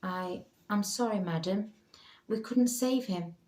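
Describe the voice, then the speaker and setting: A man's voice: high voice, slow, a little mellow. A woman voicing a polite, formal male paramedic, apologetic in tone. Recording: roomy echo.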